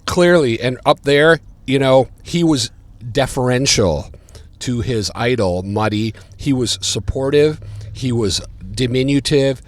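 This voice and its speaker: Animated man telling stories. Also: unhurried. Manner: animated, gets louder and higher when retelling. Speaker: podcast guest. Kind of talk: casual storytelling chat. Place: diner.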